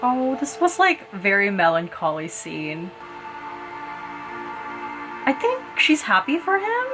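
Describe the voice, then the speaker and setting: Reaction vlogger, woman: chatty, emotional, filler-heavy; mid pitch, show music behind. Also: wildly swooping pitch, slow pace. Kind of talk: casual reaction commentary. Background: the show's audio playing.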